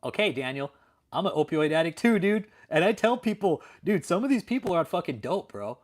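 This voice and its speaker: A man's voice: a little high, sing-song, a little fast. A man hosting a late-night livestream, ranting profanely and answering viewers in chat. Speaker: livestream host.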